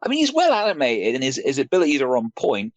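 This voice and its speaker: A man's voice: medium pitch, huge pitch swings, quick pace, dry recording. A man hosting a casual group review, ranting with swearing and mocking impressions.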